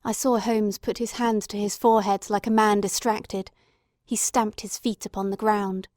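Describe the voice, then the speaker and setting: A woman giving steady, dramatic scripted narration of an audiobook. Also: medium pitch, moderate pace, no room sound, studio quality.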